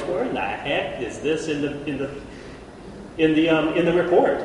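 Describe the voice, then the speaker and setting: A man preaching a lively Bible lesson, who jokes with the room and calls out listeners by name. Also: on the high side, a little fast. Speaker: preacher teaching a Bible class. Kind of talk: lively sermon. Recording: echoey hall from far off, faint noise.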